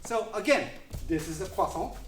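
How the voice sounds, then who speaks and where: A man's voice: high voice, lively intonation, normal speed, noisy background. A man teaching kung fu kicks in a casual, joking way, with many fillers and restarts. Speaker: kung fu instructor. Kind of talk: casual demonstration lesson. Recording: echoey room.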